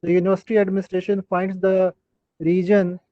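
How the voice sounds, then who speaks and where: A male university professor, speaking haltingly with many pauses over a video call. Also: high-pitched, little pitch movement, no echo. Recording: dry dull breaking call audio.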